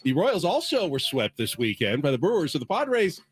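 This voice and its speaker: Middle-aged sports radio co-host, man, slightly high voice, brisk, reeling off stats. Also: wildly swooping pitch. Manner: brisk, listing facts and stats, dry. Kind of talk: sports talk radio banter. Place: radio studio.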